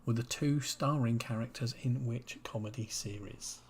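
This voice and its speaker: A quizmaster, chatting and slowly repeating pub-quiz questions on a livestream from home. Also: mid-range voice, slight background noise. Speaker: quiz host.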